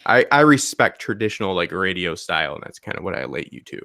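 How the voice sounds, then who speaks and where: Low gravelly guy, kinda bright tone, dry close sound, rambles earnestly. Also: sing-song, fast talker, dry recording. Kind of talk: casual chat.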